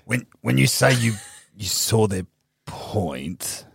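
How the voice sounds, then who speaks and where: Male player, teasing and animated, very gravelly, swoops in pitch. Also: takes it slowly, dry recording, clean studio sound. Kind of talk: tabletop role-play.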